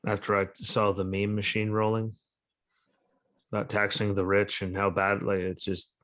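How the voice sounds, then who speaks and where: Speaking at a moderate pace in a lowish, monotone and slightly bright voice, this podcast host sounds short on sleep as he records over a video call. His casual political talk is blunt, sarcastic, profane and prone to rambling.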